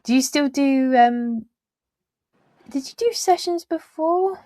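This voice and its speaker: A woman's voice: sits high, slow pace, dark tone, no room sound. A woman hosting a casual interview, talking in meandering, trailing sentences with frequent fillers and easy laughs. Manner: laughs easily while talking. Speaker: podcast host.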